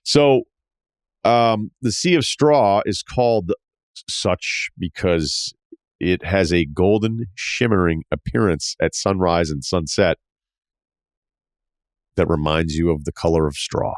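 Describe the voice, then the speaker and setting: Podcast host, very deep voice, loose and profane storyteller who acts out dialogue, recorded dry. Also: male voice, slow, no echo. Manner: profane, self-mocking, acts out quoted dialogue. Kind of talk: casual travel storytelling monologue.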